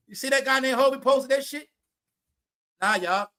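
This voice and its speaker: Loud, laughing, high-voiced gossip commentator. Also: male voice, moderate pace. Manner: loud and animated, laughing, repeats names, swears. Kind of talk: casual comedic commentary.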